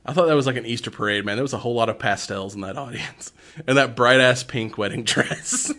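A middle-aged man with a bright, forward tone, chatting loosely about an old film. He keeps laughing and slips into quick voices for the characters he retells. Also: mid-range voice. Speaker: movie podcast co-host. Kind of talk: casual chat.

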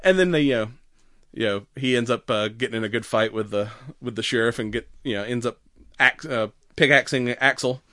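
A man's voice: medium pitch, brisk, pushed and bright, no echo, studio quality. A man co-hosting a podcast, chatting casually and laughing often as he retells a movie and acts out its lines. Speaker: podcast co-host. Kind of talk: casual chat recapping a movie.

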